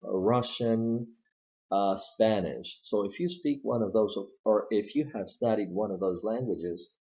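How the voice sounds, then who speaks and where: A man's voice: fairly low pitch, a little slow, a little mellow. A man teaching English pronunciation, explaining each step patiently and repeating model words. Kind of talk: slow step-by-step pronunciation lesson. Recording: slightly dull lo-fi recording.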